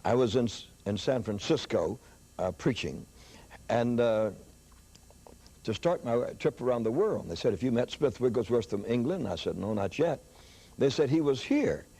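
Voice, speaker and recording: An older man preaching, telling a story in an animated sermon style with excited rises in his voice. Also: normal speed, breathy edge. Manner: animated storyteller, rising pitch when excited.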